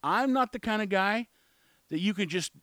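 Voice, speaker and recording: A man's voice: sits high, expressive, normal speed, sharp tone, no echo. A man in his forties telling a story in a casual monologue, blunt and opinionated, rambling with restarts. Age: 40s.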